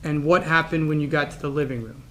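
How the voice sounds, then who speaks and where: A man's voice: a little high, fairly even intonation, fast talker, fairly bright tone, slight background noise. A man in a courtroom questioning a witness with short, plain questions. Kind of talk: courtroom direct examination.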